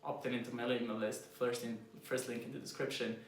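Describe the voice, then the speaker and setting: Speaking at a medium pitch with little pitch movement, a Croatian man with a second-language American accent gives copywriters blunt, informal instruction to camera in a reverberant room. He varies his volume and speed to emphasize things, easing into a quiet, slow delivery for the key points.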